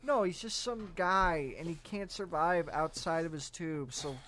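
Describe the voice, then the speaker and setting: A man's voice: on the high side, a little slow, a bit bright, slight background noise. A young man co-hosting a casual movie-riffing podcast, ranting crudely and with lots of energy. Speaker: podcast co-host.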